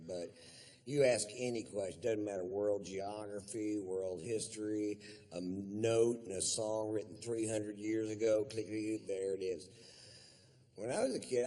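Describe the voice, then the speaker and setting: A middle-aged man doing a stand-up comedy routine on stage in a drawling, deadpan way. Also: lowish voice. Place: stage before a live audience.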